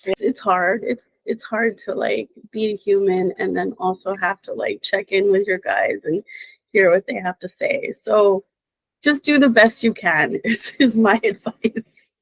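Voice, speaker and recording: A woman intuitive reader in casual podcast chat, expressive and encouraging, laughing often. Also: medium pitch, measured pace, gravelly, slightly rough, dry recording, poor audio.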